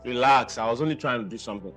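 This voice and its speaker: A man's voice: mid-range voice, rapid-fire, fairly bright tone, faint music behind, lightly acted. An actor playing a bitter husband who confronts his wife in a film drama. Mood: defensive. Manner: bitter, accusing, heated. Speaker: film character.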